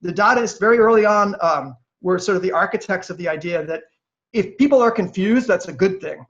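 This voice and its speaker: High-pitched guy on a podcast, animated storyteller, lots of um and like, kinda muffled lo-fi sound. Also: a little fast. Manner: lively, acts out quoted voices; chatty with many fillers and restarts. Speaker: podcast guest. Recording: dull lo-fi audio.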